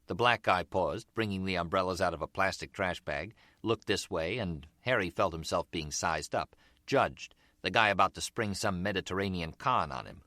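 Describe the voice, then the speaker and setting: A man narrating a crime novel in a wry, measured storytelling manner. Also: low-pitched, sharp tone, no echo, clean studio sound. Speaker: audiobook narrator. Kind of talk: scripted narration.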